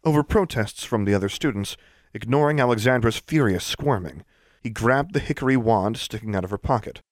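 A man narrating a fantasy story in steady, scripted storytelling. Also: mid-range voice, brisk, dry recording, studio quality. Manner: steady storytelling, lively intonation. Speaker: audiobook narrator.

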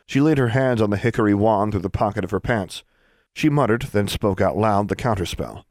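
Low-voiced male storybook narrator. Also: brisk, no echo, studio quality. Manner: steady storytelling, lively intonation. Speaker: audiobook narrator. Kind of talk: scripted fantasy narration.

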